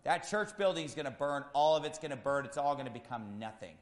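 A male pastor preaching an impassioned sermon, swinging between loud shouts and quiet, low asides. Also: lively intonation, fairly quick, very noisy. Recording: long hall reverb.

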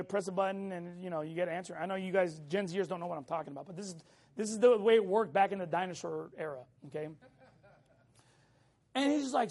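A middle-aged man preaches in a loose, chatty way, weaving a personal story into his sermon. His delivery is animated, and he keeps turning back to the congregation. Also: high voice. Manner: casual and animated, keeps checking in with the listeners. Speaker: pastor.

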